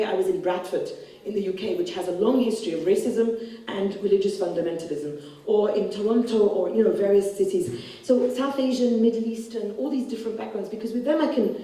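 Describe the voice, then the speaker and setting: A woman's voice: mid-range voice, warm tone. A woman author talking bluntly about her book onstage at a festival, acting out the people she quotes. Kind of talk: festival stage conversation. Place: large hall at a literature festival. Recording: echoey hall from far off.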